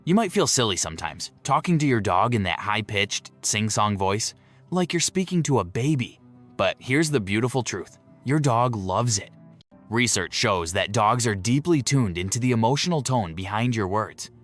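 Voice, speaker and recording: Man narrating in a slow, emotive voice. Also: on the low side, lively intonation. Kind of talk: scripted narration. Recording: soft music beneath the voice.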